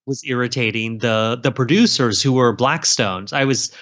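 A man from South Carolina, a guest author chatting in an interview, rambling and animated with lots of fillers and restarts. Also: medium pitch, normal speed. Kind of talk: casual interview chat. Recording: slightly dull lo-fi sound.

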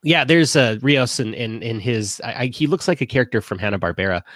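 A man's voice: medium pitch, expressive, fairly quick, fairly bright tone, no echo, clean studio sound. A man from Canada co-hosting a casual live-stream show, chatty and laughing, with lots of fillers and restarts. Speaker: podcast co-host.

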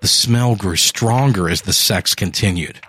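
A man with a low voice reads a dark horror story at a slow, deliberate pace. His telling is measured, and quiet music plays faintly underneath. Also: slightly rough, no echo. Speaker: narrator.

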